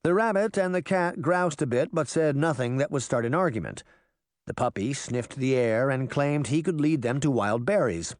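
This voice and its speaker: A man's voice: moderate pace, dry recording, clean studio sound. A man reading a children's fantasy novel aloud as a scripted audiobook, telling the story expressively. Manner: expressive storytelling, varied pitch.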